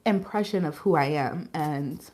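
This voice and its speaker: A woman's voice: deep voice, normal speed, a little mellow. Chatty, swearing tarot reader woman. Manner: chatty and candid, with casual swearing; emotional and giggly. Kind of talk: casual live tarot reading.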